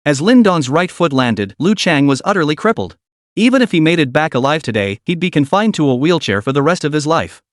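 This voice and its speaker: A man's voice: a little high, very animated, brisk, no echo, studio quality. A man narrating a comic story recap in a dramatic storytelling manner.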